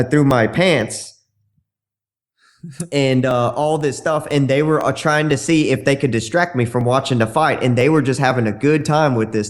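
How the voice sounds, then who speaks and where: Brash man telling stories. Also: mid-range voice. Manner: brash, bawdy, acts out dialogue in shifting voices. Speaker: podcast guest, dating coach. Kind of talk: casual anecdote storytelling.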